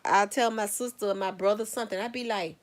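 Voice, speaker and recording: A woman's voice: mid-range voice, steady tone, fast. A woman streaming live as she paints, chatting casually, rambling through her thoughts and asking viewers questions. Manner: rambling, musing aloud, laughs at her own thoughts; talks straight to viewers, asking them questions. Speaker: artist live streaming while painting earrings. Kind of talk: casual livestream chat.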